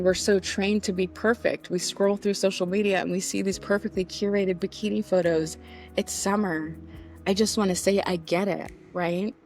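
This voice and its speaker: Woman, forties, somatic coach, lowish voice, candid pep talk, casual swearing, soft music bed. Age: 40s. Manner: candid, conversational, swears casually, guides breathing.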